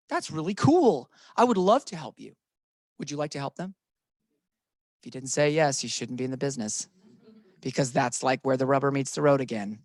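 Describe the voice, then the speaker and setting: A man leading a real estate training session, coaching his audience with energetic, motivational urging. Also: fairly high pitch, dry recording, clean studio sound. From grew up on a cattle ranch. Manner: energetic, pep-talk coaching.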